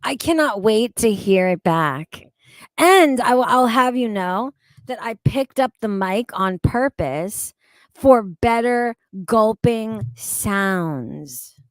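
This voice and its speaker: A woman's voice: a little high, expressive, slow pace, dry recording, studio quality. A woman streaming live, reading chat comments aloud and reacting in a blunt, profane, exasperated way.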